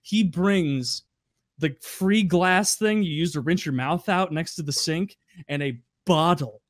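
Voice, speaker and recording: A man's voice: on the high side, no room sound, clean studio sound. A man on a podcast, telling casual, profane anecdotes with a wry edge. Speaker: podcast regular. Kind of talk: casual storytelling.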